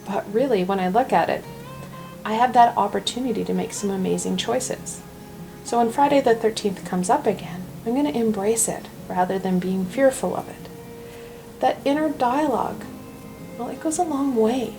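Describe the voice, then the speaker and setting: A woman hosting a weekly tarot reading video, talking in a gentle, reassuring, chatty way. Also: on the high side, moderate pace, music in the background, poor audio. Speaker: tarot reader.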